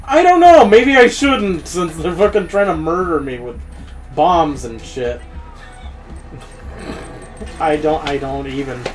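A woman's voice: deep voice, slow, pauses often, soft background music, low-quality recording. A woman playing a video game for a let's play, laughing often and swearing at the game in casual commentary.

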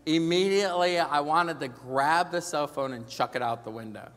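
Bright-voiced pastor preaching in an echoing church. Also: male voice, a little high, moderate pace. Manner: storytelling sermon, swinging from hushed to loud and emphatic. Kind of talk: sermon. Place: large church sanctuary. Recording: long reverb of a large church hall.

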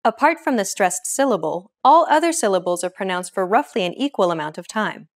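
Young woman, lesson host, explains steadily and clearly in a scripted read. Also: medium pitch, lively intonation, fairly quick, slight background noise.

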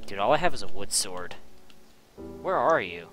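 A young man hosting a casual gameplay video, excited and rambling, often tripping over his words. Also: fairly low pitch, moderate pace, soft background music. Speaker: gaming channel host. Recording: noisy home recording.

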